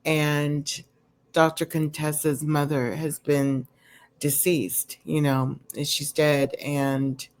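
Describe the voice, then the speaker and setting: Slow, low-voiced woman chatting casually. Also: little pitch movement, darkish tone. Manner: rambling, full of "you know" and "um" fillers; candid, opinionated asides. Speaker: vlogger recapping a reality show. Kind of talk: casual chatty recap commentary. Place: home with a dog nearby.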